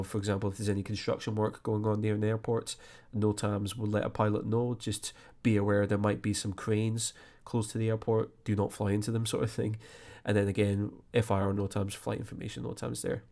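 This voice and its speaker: A man with a lowish voice talks through flight planning software in an unhurried, relaxed way. He explains each step plainly, dropping in frequent ums and you-knows as he goes, like a screen-recorded tutorial. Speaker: flight sim tutorial host.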